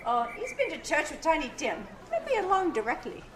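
A woman playing a fussing, warm mother in a comedic live stage reading, often breaking character with laughter. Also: high voice, brisk, background noise. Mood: motherly. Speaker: amateur stage player. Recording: lively audience laughing throughout. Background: crowd laughter.

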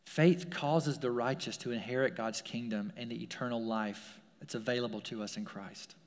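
A man's voice: mid-range voice, fairly even intonation, moderate pace. Man preaching a casual sermon in a reverberant hall. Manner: casual, with many "like" fillers and repeated phrases. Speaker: pastor. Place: church sanctuary.

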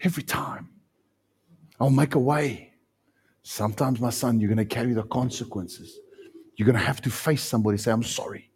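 A South African man preaching a sermon with passion, swinging from loud outbursts to hushed lines. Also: mid-range voice, moderate pace, long pauses, slight background noise. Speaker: pastor.

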